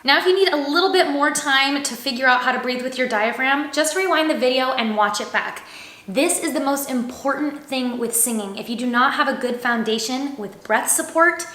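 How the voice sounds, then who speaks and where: An upbeat young woman leads a singing lesson, demonstrating exercises and encouraging her students as she goes. Her voice is bright and sits a little high. The room around her is echoey. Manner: upbeat, encouraging, checks in with "okay?". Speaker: vocal coach.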